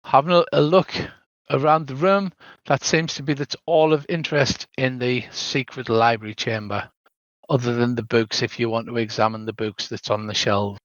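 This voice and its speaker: Older game master, dull lo-fi sound. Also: male voice, medium pitch, steady tone, moderate pace, no echo. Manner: descriptive, tosses in "so there is". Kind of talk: narrating a tabletop game.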